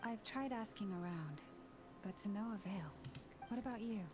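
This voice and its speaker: A woman voicing a calm, earnest community leader who speaks in a measured, gentle way in a video game. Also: mid-range voice, background noise, lightly acted. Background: game music.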